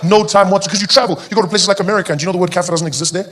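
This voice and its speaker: South African male comic, quick and a bit high, rambling, provocative bits. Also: fairly even intonation, fairly bright tone, slight background noise. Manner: rambling, self-interrupting, playfully provocative. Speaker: stand-up comedian. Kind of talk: stand-up comedy set. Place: comedy stage before a live audience.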